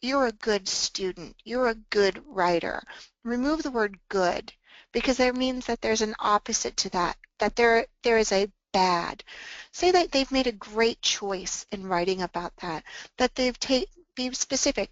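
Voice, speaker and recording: A fairly high-voiced woman leads a workshop in a calm, earnest way, now and then acting out the phrases a tutor might say to a child. The recording is dry and slightly muffled, with a dull top end. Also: measured pace, no room sound. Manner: calm, earnest, acts out example phrases to students. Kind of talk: workshop talk.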